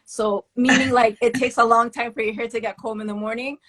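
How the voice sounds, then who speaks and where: A woman of West Indian heritage talking candidly as an interview guest, telling animated stories about her work and childhood. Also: a little high, brisk. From West Indian family. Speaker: guest, children's book author. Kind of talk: casual interview talk.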